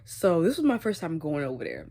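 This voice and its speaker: Young woman vlogger, slightly low voice, chatty and animated storytime delivery. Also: brisk. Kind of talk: casual storytime.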